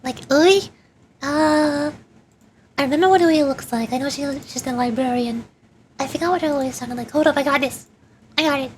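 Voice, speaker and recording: A woman's voice: sits high, brisk, a little hiss or hum. A woman streamer chatting casually and giggling while playing a game. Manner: bubbly, giggly, rambling. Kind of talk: casual gaming chat.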